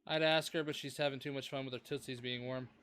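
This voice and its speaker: A man's voice: medium pitch, fairly even intonation, fast talker, fairly bright tone, smooth. A man streaming a survival game, chatting casually and teasing his co-player. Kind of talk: casual gaming chat.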